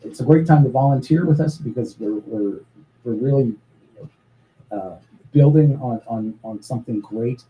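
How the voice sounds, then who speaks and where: A man talking earnestly as an interview guest about his charity's work, pausing often with fillers and restarts. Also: mid-range voice, dull audio, slight background noise. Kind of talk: casual interview talk.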